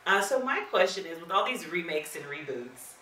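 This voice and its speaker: Bright-voiced woman podcast co-host. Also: fairly low pitch, expressive, normal speed, roomy sound, far from the mic, poor audio. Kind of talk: casual chat.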